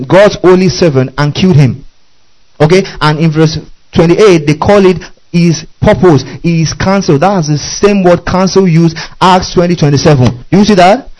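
A man's voice: a little high, darkish tone, poor audio. A man preaching a teaching sermon, working through scripture and constantly asking his listeners if they follow. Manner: questioning the congregation constantly. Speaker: pastor.

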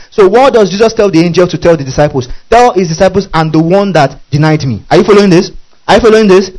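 A man's voice: high voice, fast, a little mellow, rough recording. A man preaching a sermon, often asking the audience questions and laughing between phrases.

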